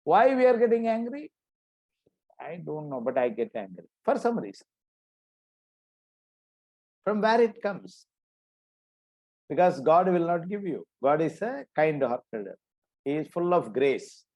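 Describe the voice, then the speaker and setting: A man with a Tamil accent teaching a religious philosophy class. He speaks slowly and explains patiently, asking questions and then answering them himself. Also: a little high, sing-song, a little mellow. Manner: slow, explaining, asks and answers his own questions.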